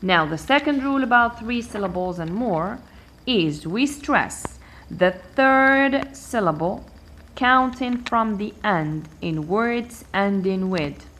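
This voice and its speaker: A woman teaching an English pronunciation lesson, counting syllables aloud slowly and deliberately. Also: medium pitch, expressive, fairly bright tone, a little hiss or hum. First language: Arabic.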